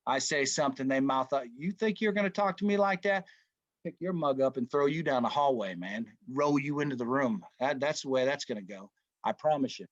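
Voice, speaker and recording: Middle-aged man, casual Bible study leader, folksy, slightly high voice, dry close sound. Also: dry recording, lo-fi sound. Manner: folksy, keeps saying "man" and "right?".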